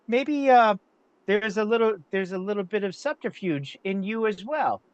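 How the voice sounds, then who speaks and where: A man's voice: high-pitched, lively intonation, normal speed, smooth, no echo, dull audio. A man putting on a small, sly, courtly rogue. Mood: sly flattering. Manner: fumbling, overly formal speech full of restarts.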